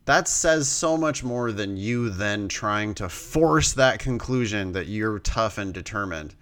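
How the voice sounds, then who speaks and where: A man's voice: lowish voice, animated, a little slow, a bit bright. A man co-hosting a casual chat, bluntly critiquing a piece of writing and swearing freely. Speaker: podcast co-host.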